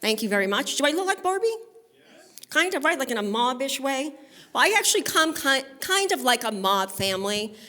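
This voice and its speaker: A Brooklyn, New York comedian delivers a brash, chatty set on stage at a live benefit, with bawdy stories and crowd work. Her high voice is sing-song, bright, and forceful, and she talks a little fast.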